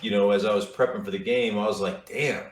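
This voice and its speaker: A man's voice: on the low side, fairly even intonation, fast. A middle-aged man, a football analyst and guest, telling stories in casual chat, rambling with repeated words and fillers. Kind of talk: casual storytelling interview. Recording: roomy, distant mic.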